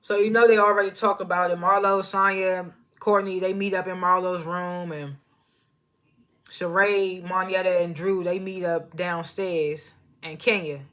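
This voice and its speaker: A woman's voice: lowish voice, steady tone, unhurried, fairly bright tone. A woman giving a casual, rambling recap of a reality show, loose and slangy, often laughing at herself. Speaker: TV show reviewer. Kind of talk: casual chatty recap commentary.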